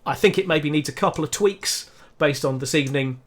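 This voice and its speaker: A man's voice: on the high side, a little fast, a little hiss or hum. A man running a tabletop role-play game as game master, talking casually with many fillers and restarts.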